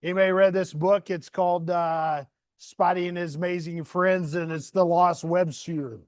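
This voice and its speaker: A man's voice: high voice, steady tone, normal speed, no echo, clean studio sound. A man from the Southern US with a country accent, talking in a friendly, folksy way to a crowd of children as a guest reader. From Southern United States. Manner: friendly, folksy, with many fillers. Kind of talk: casual talk to a crowd of children.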